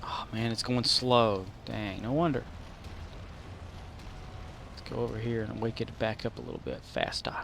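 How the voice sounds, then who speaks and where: A man streaming a game, rambling to himself and now and then yelling at his squadmates. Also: mid-range voice, steady tone, normal speed, creaky, long pauses, noisy background. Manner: rambling, talks to himself, shouts at teammates. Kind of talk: casual gameplay commentary.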